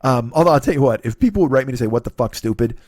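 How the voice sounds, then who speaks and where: A man in his forties hosting a solo comedy podcast, talking in a profane, rambling, self-deprecating monologue and acting out quoted voices with sudden pitch jumps. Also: animated, rapid-fire, darkish tone, no echo, studio quality. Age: 40s. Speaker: podcast host.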